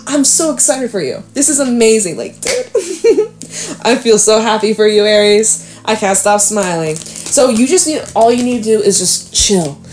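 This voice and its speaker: Woman, tarot reader, casual to-camera reading, excited and encouraging, slangy. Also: a little high, normal speed, slight background noise. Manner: excited, emphatic, slangy and reassuring.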